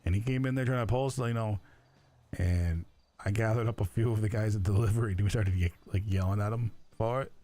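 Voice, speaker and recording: A man chatting in character during an online roleplay stream, rambling and halting with lots of fillers. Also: on the low side, warm tone.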